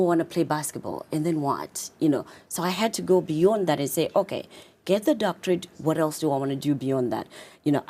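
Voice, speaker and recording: Interview guest: Zimbabwean-accented woman, low pitch, brisk and animated coach. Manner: animated, fast with many fillers. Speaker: guest, confidence coach and author. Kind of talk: casual interview talk.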